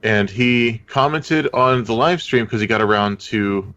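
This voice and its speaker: A man's voice: mid-range voice, unhurried, fairly bright tone. A man co-hosting a casual podcast chat, rambling and correcting himself as he tells a story. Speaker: podcast co-host. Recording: dull lo-fi dry mic.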